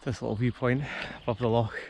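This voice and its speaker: A Scottish man in his thirties chatting casually as he walks a lochside trail, relaxed and a little out of breath from the climb. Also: medium pitch, fast talker. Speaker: vlogger. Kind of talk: casual walking commentary. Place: outdoors on a lochside hill trail. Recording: outdoor phone recording with clear background noise. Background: wind and rural outdoor ambience.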